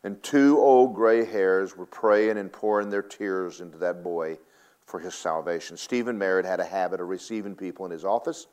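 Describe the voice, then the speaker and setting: An older man preaching a sermon, rising loud and high on key points, then dropping low and quiet to tell stories. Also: moderate pace.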